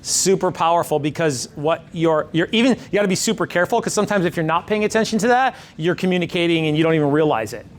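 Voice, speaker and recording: A man's voice: a little high, lively intonation, fast talker, hardly any pauses, a little hiss or hum. A middle-aged man as a sales coach, talking emphatically and repeating his points in a coaching session.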